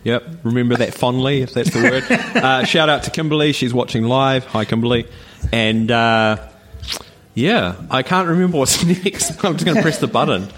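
Animated New podcast host. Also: male voice, medium pitch, normal speed, a little hiss or hum. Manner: animated, laughs often, acts out voices. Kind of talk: casual storytelling. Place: live recording with audience.

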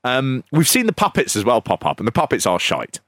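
Animated sarcastic man. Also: mid-range voice, fairly quick, dry recording. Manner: sarcastic, animated, mimics voices. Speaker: podcast co-host. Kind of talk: casual wrestling chat.

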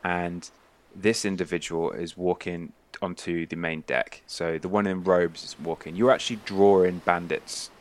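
A man's voice: low-pitched, flat delivery, moderate pace, hardly any pauses. A man running a tabletop role-playing game, narrating loosely with many fillers. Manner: loose, rambling, full of fillers. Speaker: game master.

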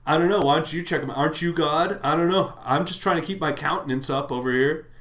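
A man voicing Cain as a furious, bitter young man who rants and swears at God in a loud, exasperated way. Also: a little high, quick pace, reverberant, close to an everyday voice.

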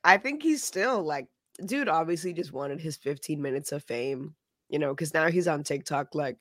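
A woman's voice: low-pitched, lively intonation, moderate pace, no room sound, clean studio sound. A woman co-hosting a casual podcast, wry, laid-back and blunt. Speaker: podcast co-host. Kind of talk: casual chat.

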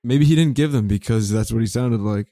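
A man's voice: mid-range voice, brisk, warm tone, no echo. A man chatting casually with friends, wry and dry in his jokes. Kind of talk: casual chat.

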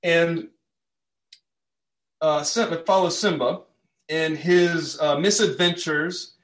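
Man, preacher, sermon, slow earnest storytelling, a bit high, echoey church. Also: a bit bright.

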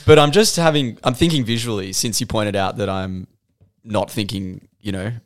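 A man's voice: fairly low pitch, moderate pace. A man co-hosting a comedy podcast, tossing out silly movie ideas in a playful, chatty way with laughing asides. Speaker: podcast co-host. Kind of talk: casual comedy brainstorm.

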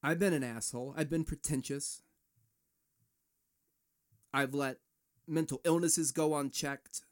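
A man's voice: on the high side, steady tone, unhurried. A man hosting a solo podcast, ranting in a fired-up, profane way. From United States. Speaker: podcast host.

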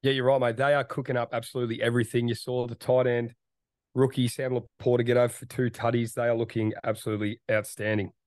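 An Australian man co-hosting a sports podcast, croaky from a recent illness, laid-back and hesitant with plenty of ums. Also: mid-range voice, level tone, fast, darkish tone, dry recording. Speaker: podcast co-host. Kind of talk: casual sports podcast chat.

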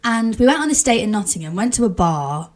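A woman's voice: mid-range voice, very animated, a little fast. A woman in her twenties co-hosting a casual podcast, telling a dating story with lots of laughing and whispered asides. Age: 20s. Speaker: podcast co-host. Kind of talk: casual chat.

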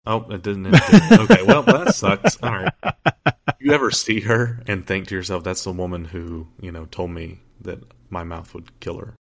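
A man's voice: sits low, expressive, normal speed. A young man co-hosting a podcast, telling a story in casual chat, joking and rambling with lots of fillers and restarts. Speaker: podcast co-host.

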